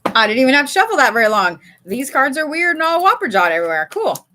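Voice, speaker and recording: A woman's voice: sits high, sing-song, fast talker, sharp tone, a little hiss or hum. A woman giving a casual live card reading from home, chatty and swearing freely. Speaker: live tarot reader. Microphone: streaming setup.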